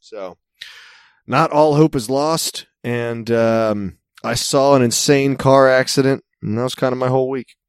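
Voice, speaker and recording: Man, Mid-Atlantic American accent, wry rambling storyteller, mid pitch, casual chat. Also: fairly even intonation, unhurried, clean tone, dry recording, clean studio sound. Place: California.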